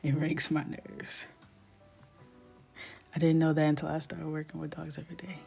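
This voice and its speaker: Young woman, lowish voice, relaxed livestream chatter with frequent whispers; faint music under. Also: moderate pace, creaky, breathy edge. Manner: chatty storytelling, often drops to a whisper, laughs a lot. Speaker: coloring livestream host. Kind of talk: casual chat while coloring.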